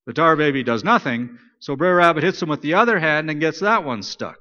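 Joking preacher in a reverberant church. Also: male voice, fairly high pitch, brisk, few pauses, dull audio. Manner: conversational, joking, animated storyteller. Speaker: pastor. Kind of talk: sermon with storytelling.

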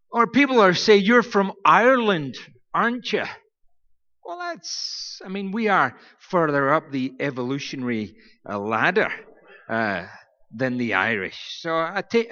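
A man's voice: a little high, sharp tone. A man giving a humorous sermon as a guest preacher, telling wry, self-mocking stories. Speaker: guest preacher from a church planting network. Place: church. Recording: dull recording in a reverberant hall.

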